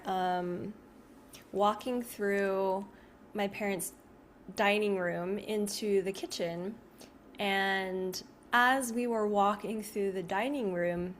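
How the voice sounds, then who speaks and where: A woman talks casually straight to her audience, circling back and restarting her sentences as she goes. Her pitch sits in a middle range and she leans on "like" constantly. A faint hum of background noise sits under her voice. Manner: rambling, heavy use of "like", frequent restarts. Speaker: video creator. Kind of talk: casual storytelling to camera.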